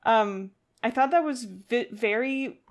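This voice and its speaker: A woman's voice: a little high, slow pace. A woman co-hosting a podcast in casual chat, thoughtful and hesitant, with frequent fillers and restarts. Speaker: podcast co-host.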